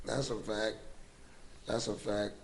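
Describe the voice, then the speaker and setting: A man's voice: lowish voice, little pitch movement, slow, slight background noise. A man co-hosting a casual podcast, emphatic and slangy, often repeating himself. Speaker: co-host.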